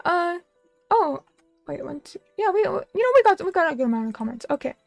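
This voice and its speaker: Her high-pitched voice is sing-song, a little fast, and gravelly, over soft background music. A young vtuber streamer at a little table in a small room, she chats casually with her viewers and reads their comments, rambling and self-deprecating.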